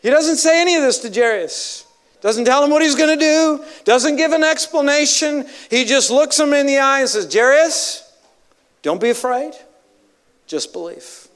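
A man's voice: very high voice, normal speed, fairly bright tone. A male evangelist preaching a sermon with emphatic, dramatic storytelling.

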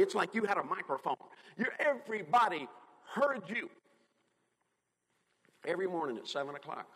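A man's voice: high-pitched, vocal fry, sharp tone, husky, long reverb tail, low-quality recording. A male pastor delivering an emphatic sermon, acting out the people he quotes in a raised, dramatic voice. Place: church sanctuary.

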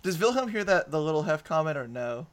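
A man playing in a tabletop game, chatting casually, halting and repeating words as he jokes. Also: fairly high pitch, sing-song, clear, resonant tone. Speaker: player.

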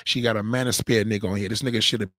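A man's voice: lowish voice, fairly even intonation, racing, fairly bright tone, dry recording, clean studio sound. A man hosting a livestream, mocking and heckling a guest in a clip with profane, repetitive commands. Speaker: livestream host reacting to a clip. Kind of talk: profane live commentary.

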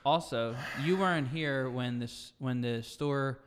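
Deadpan podcast co-host. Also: male voice, medium pitch, slow, smooth, long reverb tail. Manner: dry, deadpan comebacks. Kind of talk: casual chat.

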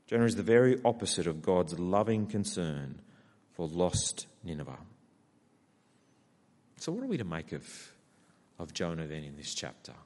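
Animated Australian preacher in a reverberant hall. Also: male voice, low voice, moderate pace, long pauses. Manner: animated, acts out Jonah's whiny complaints. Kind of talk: sermon. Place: church hall.

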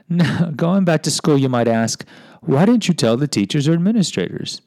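A man's voice: a little high, very animated, brisk, warm tone, no room sound. A man telling personal stories in a casual monologue, candid and self-deprecating, often restarting and adding asides.

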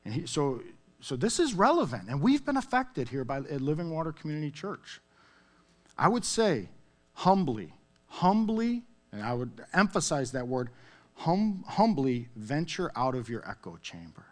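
A man's voice: on the high side, normal speed. A man preaching a sermon in a conversational way, often checking in with "okay?" and "all right?". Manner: conversational, animated, with frequent "okay?" asides. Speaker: pastor.

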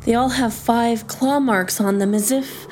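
An actress playing a vain, shallow young teacher with a snarky, self-absorbed manner. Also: female voice, a little high, unhurried, darkish tone, a little hiss or hum, lightly acted.

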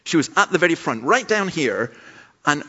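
A man's voice: on the high side, big pitch swings, normal speed, pushed and bright, slightly rough. Man preaching in a lo-fi recording. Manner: conversational storytelling with asides. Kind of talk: sermon. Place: church camp gathering. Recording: dull lo-fi sermon recording.

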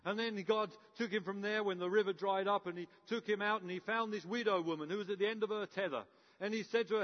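Male preacher, high voice, lively storyteller who acts out the characters; muffled sound with long hall reverb. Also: quick pace. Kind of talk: sermon.

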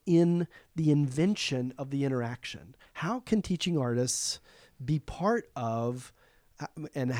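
A man's voice: mid-range voice, mellow, dry recording, studio quality. A man talking casually about his work as an arts education administrator, reflective and thinking aloud with frequent fillers. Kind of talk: casual conversation.

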